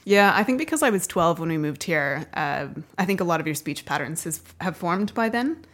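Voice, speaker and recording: A woman's voice: lowish voice, expressive, normal speed, fairly bright tone. A woman in her thirties with a North American accent, a guest chatting casually, laughing often and using many fillers. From North America, half Canadian, half American. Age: 30s. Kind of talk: casual interview chat.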